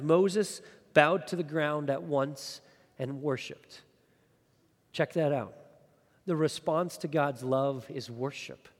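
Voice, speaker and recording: Earnest preaching man in a reverberant hall. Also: on the high side. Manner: earnest, repeats words when starting phrases. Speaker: pastor. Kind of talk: sermon.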